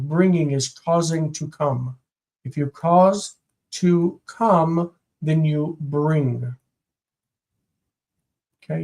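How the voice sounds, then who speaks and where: A man teaching Hebrew grammar in a live stream, slow and patient, repeating each word several times. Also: on the high side, darkish tone.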